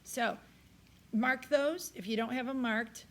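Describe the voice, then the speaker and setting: A choir teacher with a slightly high, tired voice talks at a slow pace. During this recorded rehearsal lesson she directs the singers and sings short bits to demonstrate.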